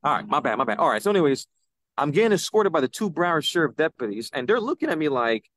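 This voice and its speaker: A young man, a podcast guest, telling an animated story and acting out the people he quotes. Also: high voice, fast, no room sound. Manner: excitable, acts out quoted voices. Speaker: podcast guest, citizen news reporter.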